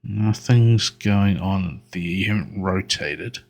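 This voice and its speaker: A man's voice: deep voice, slow, vocal fry, a little mellow. A man giving solo gameplay commentary, muttering to himself and talking to the game as he plays. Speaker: gaming video creator.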